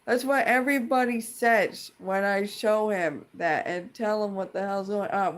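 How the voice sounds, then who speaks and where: A woman with a medium-pitched voice rants in a casual vlog, speaking a little slowly with few pauses. Profane, rambling and indignant, she vents like a fed-up tenant caught in a dispute.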